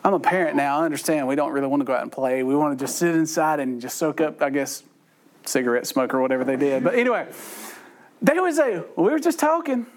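A man's voice: mid-range voice, lively intonation, fast. A middle-aged man leading a Bible study, joking and chatting with the group. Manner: joking, conversational, self-deprecating asides. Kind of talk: humorous Bible study talk.

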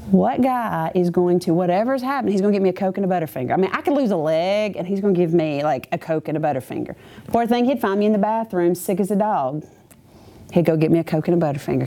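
A woman's voice: medium pitch, dark tone. A woman schoolteacher giving a chatty, humorous faith testimony to a live audience, full of asides. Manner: chatty, self-deprecating and humorous, with many asides.

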